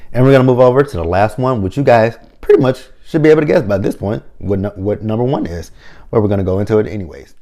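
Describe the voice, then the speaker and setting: A man giving casual, excited fan commentary as a vlogger, rambling and getting himself hyped up. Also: lowish voice. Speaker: vlogger ranking team-up episodes.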